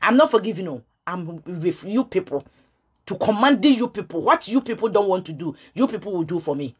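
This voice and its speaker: A woman's voice: medium pitch, animated, brisk, slightly rough. A Ghanaian woman ranting to camera, scolding and repeating herself, switching between her language and English. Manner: scolding, repetitive, mixes in English. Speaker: self-styled prophetess. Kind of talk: heated rant to camera.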